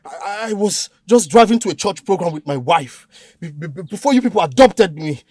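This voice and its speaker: An actor playing a frightened captive pastor who pleads and stammers. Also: male voice, high voice, expressive, fairly quick, darkish tone, no echo, clean studio sound. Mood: pleading. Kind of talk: Nollywood film acting.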